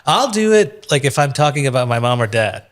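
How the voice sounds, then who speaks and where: A man co-hosting a casual comedy podcast. He is chatty and backs up the others with quick agreement. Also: medium pitch, very animated. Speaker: comedian co-host. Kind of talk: casual chat.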